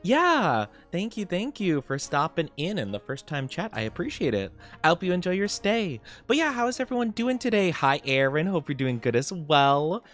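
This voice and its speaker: A man's voice: on the high side, sing-song, normal speed. Upbeat, giggly young man streaming. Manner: upbeat, giggly, greets chat warmly. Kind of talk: casual live-stream chat.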